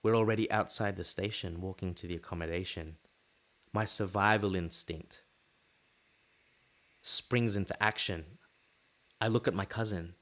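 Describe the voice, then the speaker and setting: A man with a fairly low voice tells a personal story as a podcast host. His delivery is casual and animated, and he slips into the voices of the people in the tale. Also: a little slow, pauses often. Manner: lively anecdote telling, acting out the dialogue.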